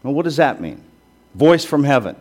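A man's voice: medium pitch, very animated, normal speed, darkish tone, slightly rough. Male pastor delivering a sermon: chatty and emphatic, with self-deprecating humor, in a mid-range voice. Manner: conversational, self-deprecating asides, emphatic rhetorical questions.

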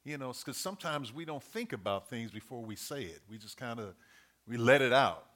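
A man's voice: mid-range voice, animated, normal speed, fairly bright tone. A middle-aged man preaching a sermon, earnest and repeating his key points as he works through a numbered list.

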